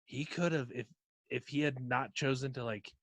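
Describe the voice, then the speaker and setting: A man's voice: medium pitch, normal speed, a bit bright, no room sound. Laid-back profane male podcast host. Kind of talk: casual comedic chat.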